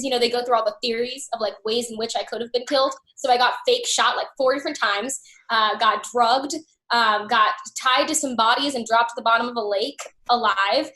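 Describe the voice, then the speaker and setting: A woman's voice: on the high side, pushed and bright, echoey room. A young adult woman, an actress being interviewed, telling stories in a chatty way and often saying "like". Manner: chatty storyteller, peppers speech with "like". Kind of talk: casual interview chat.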